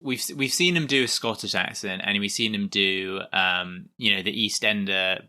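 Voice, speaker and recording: A man's voice: lowish voice, moderate pace, bright, forceful tone. A man co-hosting a podcast, chatting and laughing casually about a film. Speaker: podcast co-host. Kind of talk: casual chat reviewing a film.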